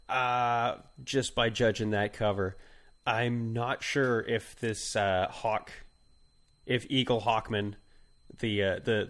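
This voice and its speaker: A man co-hosting a comedic podcast, rambling and halting with many fillers and restarts. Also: mid-range voice. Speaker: podcast co-host. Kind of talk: casual comedic chat.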